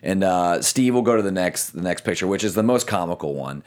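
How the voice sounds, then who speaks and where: A man with a fairly low voice chats casually as a show co-host, breaking down a boxing match round by round. He talks in an animated way and often restarts his sentences. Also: fairly quick. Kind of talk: casual fight recap chat.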